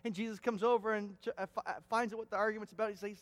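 Emphatic high-voiced preacher in a hall. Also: male voice, little pitch movement, racing. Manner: emphatic, repeats words for stress. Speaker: pastor. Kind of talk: sermon. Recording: long hall reverb.

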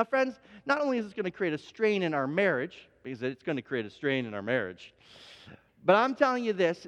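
A man's voice: high voice, fairly bright tone. A man preaching a sermon as pastor, telling a story in a conversational, self-deprecating way and acting out bits of dialogue. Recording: long hall reverb.

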